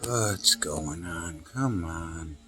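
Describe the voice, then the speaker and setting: A man's voice: low voice, extremely slow, loud music behind the voice. A man filming outdoors by his car, muttering aloud to the animals and to himself while he shoots on a handheld camera. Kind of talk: casual self-talk while filming.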